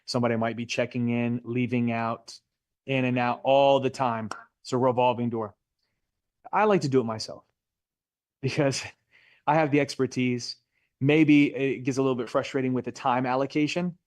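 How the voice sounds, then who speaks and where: A middle-aged man lectures a real estate class in a relaxed, chatty way, tossing questions to the room and cracking small jokes. His voice sits at an ordinary pitch, and the sound is dry and close. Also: normal speed, dry recording. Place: Florida classroom.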